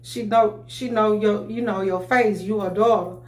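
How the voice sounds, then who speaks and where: Animated woman telling a story, echoey room. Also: medium pitch, normal speed. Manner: animated, full of restarts and "you know what I'm saying". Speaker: vlogger telling her story. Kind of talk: casual storytelling to camera.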